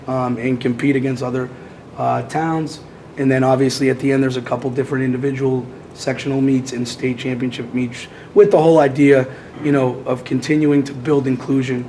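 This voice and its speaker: A hoarse man with a cold presenting as athletic director at a public meeting, halting with many fillers. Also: medium pitch, darkish tone, slight background noise, low-quality recording.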